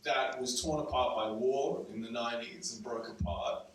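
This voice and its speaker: A man's voice: mid-range voice, steady tone, normal speed. Man telling a story in an echoey room. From Serbia, raised in Australia. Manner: conversational, wry, with many ums. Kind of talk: live storytelling to an audience. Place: event room before a live audience. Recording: very echoey room from far off, faint noise.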